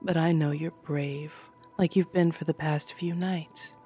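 A woman voicing a gentle mother tucking her child in, speaking softly and reassuringly in a storybook reading. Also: deep voice, fairly even intonation, measured pace, husky, faint music behind. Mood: soothing. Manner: soft, hushed and reassuring. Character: gentle, soothing young mother.

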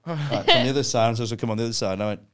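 A man's voice: medium pitch, very fast, a loud crowd. A man, a comedian guest, telling a story on a casual podcast. He swears freely and acts out his own panicked voice.

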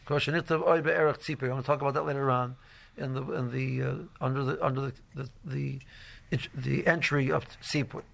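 Gravelly man giving a rambling Torah class. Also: medium pitch, steady tone, brisk, fairly bright tone. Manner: rambling, full of "you know" and restarts; mixes Hebrew and Yiddish terms into English. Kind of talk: informal religious lecture.

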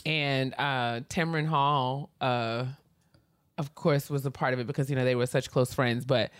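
A woman co-hosting a casual podcast chat, telling stories in an animated way. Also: very deep voice, a little slow, smooth, no room sound, clean studio sound. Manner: animated storyteller. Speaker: podcast co-host.

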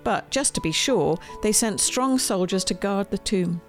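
A woman reading aloud from her own children's storybook, gentle and expressive. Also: medium pitch, a little slow. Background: faint music.

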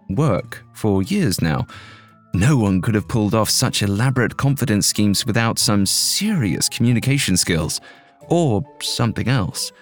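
A man voicing an eccentric, cheerful woman researcher in a scripted audio drama, sounding eager and matter-of-fact. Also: lowish voice.

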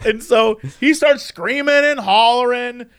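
A man in casual chat, telling an anecdote in an animated way with quick asides and chuckles. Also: very high-pitched, clear, resonant tone.

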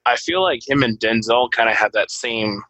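An easygoing man chatting about old movies with a crisp, bright tone. His joking delivery comes through a dry, close recording. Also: medium pitch, moderate pace, dry recording, low-quality recording. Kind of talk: casual movie-discussion chat.

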